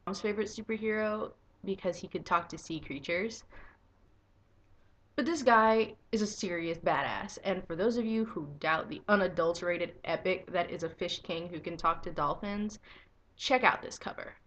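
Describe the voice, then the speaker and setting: A young woman giving a casual video review of a comic book, excitable and swearing freely, breaking into enthusiastic squeals. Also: fairly low pitch, moderate pace.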